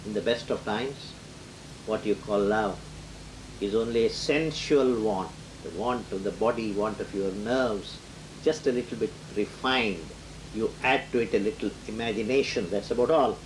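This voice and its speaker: A man's voice: fairly low pitch, normal speed, background noise. A man giving a lecture on poetry who reads verse lines aloud and then explains them, with occasional chuckles.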